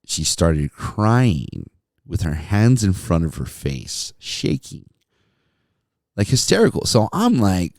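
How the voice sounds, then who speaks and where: A man's voice: deep voice, wildly swooping pitch, slow, vocal fry, a little mellow, dry recording, studio quality. A man who hosts a podcast and used to be a radio DJ, telling stories in a laid-back way, laughing often and saying "dude" and "man". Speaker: podcast host, former radio DJ. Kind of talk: casual storytelling monologue.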